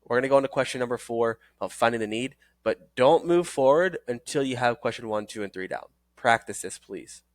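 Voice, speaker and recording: A man teaching a sales course with energetic coaching. He repeats phrases for emphasis and acts out sales calls in several voices. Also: medium pitch, fairly quick, hardly any pauses, dry recording. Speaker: sales trainer. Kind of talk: recorded training course.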